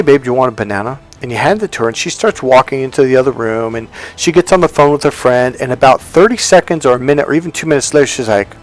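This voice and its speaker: A man giving a casual dating-advice monologue to camera, emphatic and repetitive, acting out little example lines. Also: mid-range voice. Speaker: dating coach.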